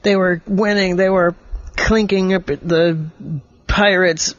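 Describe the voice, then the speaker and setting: A man making up a bedtime story for a child, gentle and patient, explaining things simply. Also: high voice, steady tone, takes it slowly, dry recording, highs cut off.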